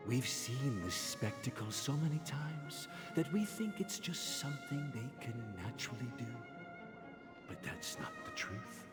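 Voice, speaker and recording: An actor playing a creepy, manipulative old man who tells a story in a slow, patronizing, whispery voice. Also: medium pitch, expressive, close to an everyday voice. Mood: sinister. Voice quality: whispery, sinister. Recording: game audio with loud music and long reverb.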